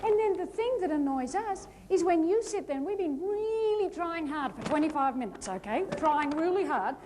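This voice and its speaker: A high, lively woman works a big hall from a stage mic, her pitch bouncing all over as she plays out little scenes. There is a faint hum of room ambience behind her. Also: normal speed. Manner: lively, animated, playful storytelling with acted-out asides. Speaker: motivational speaker. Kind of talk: humorous keynote talk on stage. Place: large hall before a live audience.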